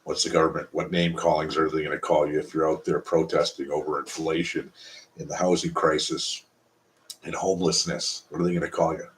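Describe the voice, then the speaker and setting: A man's voice: very deep voice, level tone, brisk, slight background noise. A Canadian man hosting a casual live stream, talking bluntly and profanely in a rambling way.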